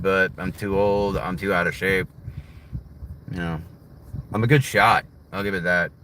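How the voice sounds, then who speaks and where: A man's voice: low voice, pushed and bright, slight background noise. A middle-aged American man chatting casually from his driveway, blunt and profane, swinging between heated and subdued. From United States. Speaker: vlogger. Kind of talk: casual livestream chat.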